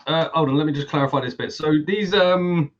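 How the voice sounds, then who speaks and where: A man's voice: a little high, a little fast. A man running a tabletop game as game master, explaining at length with lots of fillers. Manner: rambling, filler-heavy explanations. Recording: dull lo-fi voice chat audio.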